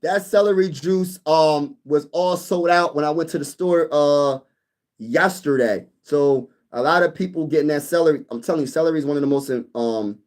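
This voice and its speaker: A young man hosting a casual sports live stream, reading viewer comments and bantering back with lively energy. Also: fairly high pitch. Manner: animated, reads chat comments aloud and banters. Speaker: sports YouTube host.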